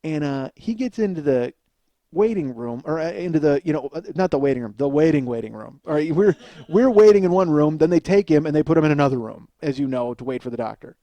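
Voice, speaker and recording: A man's voice: a little high, lively intonation, quick pace, warm tone, no room sound. A man hosting a podcast, telling a comic story in a profane, exasperated ranting way. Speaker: podcast host. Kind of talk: comedic storytelling monologue.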